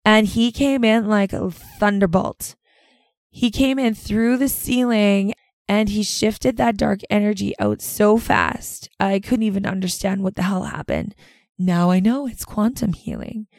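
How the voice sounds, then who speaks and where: A woman's voice: mid-range voice, a little slow, vocal fry, darkish tone, no echo. Middle-aged woman podcaster rambling thru a personal story, dry close sound, lots of "like". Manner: earnest, rambling, full of "like" fillers. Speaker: podcast host.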